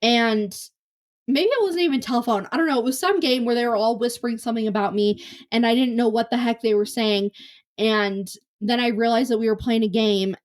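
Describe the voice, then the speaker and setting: A woman's voice: fairly high pitch, a little fast. Young woman, podcast host, casual storytelling, self-deprecating, rambling, slightly tired voice, close mic. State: voice slightly worn from talking. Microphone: close podcast mic on camera.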